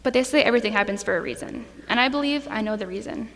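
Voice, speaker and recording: A woman's voice: a little high, rapid-fire, a bit bright. A young woman, a graduating student, giving a heartfelt speech and fighting back tears at a school ceremony. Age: young adult. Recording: echoey hall, faint noise.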